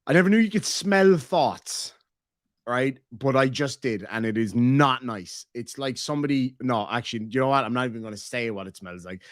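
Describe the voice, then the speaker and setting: Hosting a laid-back reaction stream, a man from Ireland reads out member messages with crude jokes and plenty of rambling. His mid-range voice moves at a moderate pace, captured in clean studio sound with no room noise.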